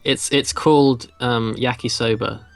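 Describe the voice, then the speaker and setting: A man's voice: mid-range voice, fairly even intonation, unhurried, creaky, no room sound, soft background music. A man chatting and joking casually during a game let's play, often restarting his words. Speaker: co-player.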